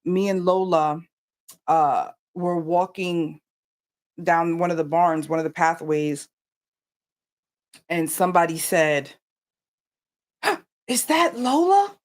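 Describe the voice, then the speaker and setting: On a casual livestream, the yarn company co-host talks straight to her audience, spinning stories with animation. Her voice is low, her pace slow, and she pauses often.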